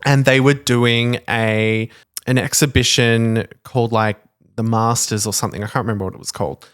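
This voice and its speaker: A man, co-hosting a podcast in casual, animated chat and mimicking people for laughs. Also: mid-range voice, normal speed, smooth. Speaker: podcast co-host.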